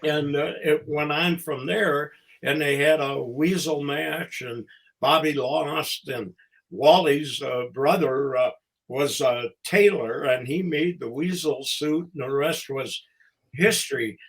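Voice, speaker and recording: An older man spins old wrestling stories in an easy, halting way, stopping between phrases. His voice is bright and sits a little high for a man, and he takes his time. It sounds like a relaxed podcast chat. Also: low-quality recording. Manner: halting, fond storytelling, with pauses between phrases. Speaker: podcast guest, former wrestling promoter and ring announcer. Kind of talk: casual anecdotal storytelling.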